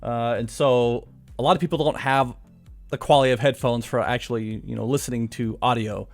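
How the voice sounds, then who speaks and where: A man's voice: mid-range voice, steady tone, brisk, gravelly. A man chatting casually on his live stream. He laughs often and pokes fun at himself, with faint music behind him. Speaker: live streamer and course author. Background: faint background music.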